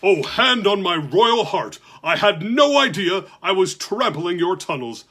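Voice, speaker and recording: A jolly, bumbling giant king, voiced by a man reading aloud booms out his lines with husky warmth. He sounds big, kind and excitable, like a storybook monarch who means well. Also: unhurried, full character voice. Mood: jolly booming. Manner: loud, exclaiming, cheerful.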